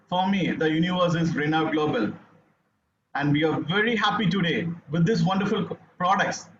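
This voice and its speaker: Earnest Indian man, high voice, echoey call. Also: fairly bright tone, slight background noise. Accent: Indian English. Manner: earnest, halting with fillers, rousing. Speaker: speaker on a launch call. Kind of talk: motivational testimonial. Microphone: video call. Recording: echoey, dull video call audio.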